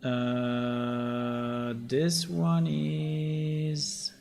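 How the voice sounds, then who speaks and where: Man, game developer, slow deliberate talk, halting, muttering to himself, soft music behind. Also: medium pitch, monotone, vocal fry. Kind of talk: thinking aloud while reading code.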